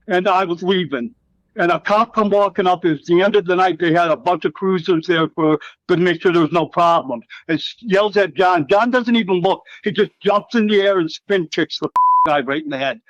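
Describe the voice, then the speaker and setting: A middle-aged former wrestler with a fairly high voice rambles through profane war stories, acting out what others said. He is recorded dry, with a slightly dull sound. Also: dry recording. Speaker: interview guest, former wrestler. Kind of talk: casual storytelling interview.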